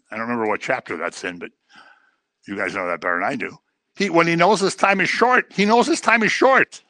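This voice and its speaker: With a bright, forceful tone and no room sound, a middle-aged man leads an informal Bible study. He speaks casually, repeats phrases for emphasis, and imitates others in a low, mocking way.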